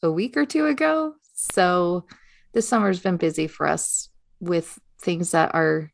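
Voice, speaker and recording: Middle-aged American woman, lowish voice, reflective chatty co-host, dry sound. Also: a little slow, creaky, no room sound. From United States. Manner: reflective, talks through her thoughts. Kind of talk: casual chat.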